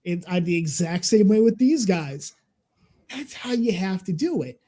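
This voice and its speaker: A man's voice: high voice, animated, moderate pace, dark tone. A man in his thirties co-hosting a casual online chat show, ranting in a sweary, sarcastic way. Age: 30s. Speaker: podcast co-host.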